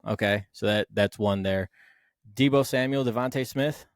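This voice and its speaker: A man co-hosting a casual sports podcast, arguing his side with animated, swearing talk. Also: fairly low pitch, normal speed, dry recording, studio quality. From Philadelphia Eagles fan. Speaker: podcast co-host.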